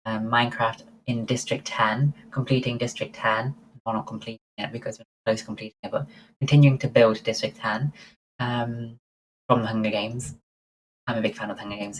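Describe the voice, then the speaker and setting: A woman's voice: rumbling low, fairly bright tone, a little hiss or hum, poor audio. A woman livestreaming, chatting casually and answering her viewers' messages one by one. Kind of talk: casual chat with live viewers.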